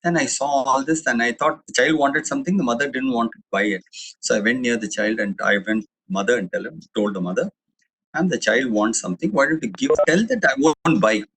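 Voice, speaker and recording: A man's voice: medium pitch, brisk, a bit bright, husky, poor audio. A middle-aged man with an Indian English accent giving a chatty, digressive webinar talk, full of restarts and fillers. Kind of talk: anecdotal public talk.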